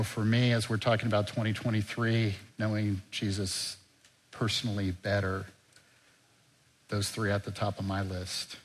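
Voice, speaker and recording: Older male pastor, conversational sermon. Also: lowish voice. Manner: conversational, earnest, growing soft and quiet.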